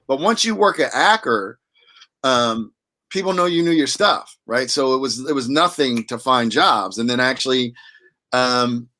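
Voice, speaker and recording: A man's voice: mid-range voice, lively intonation, unhurried, sharp tone. A man telling stories in a casual interview, full of restarts and fillers. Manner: rambling, many restarts and fillers. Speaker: wine auctioneer and guest.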